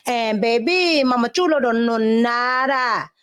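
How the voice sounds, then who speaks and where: Female host, sassy and slangy, slightly high-pitched. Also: unhurried, fairly bright tone, clear, resonant tone. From of Cuban family. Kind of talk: opinion commentary.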